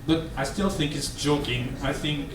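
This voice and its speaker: A man's voice: on the high side, steady tone, normal speed, background noise. A man performing a live stand-up set in a bar, hesitant with stammering restarts. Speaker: stand-up comedian. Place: bar stage, indoors. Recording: roomy, distant mic, faint ambience.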